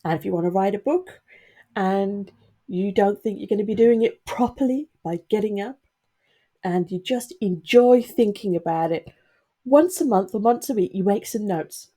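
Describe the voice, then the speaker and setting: A middle-aged woman with a mid-range, dark-toned voice speaks candidly to camera as a YouTuber vlogging for her viewers. She's earnest and becoming emotional, sniffling a little.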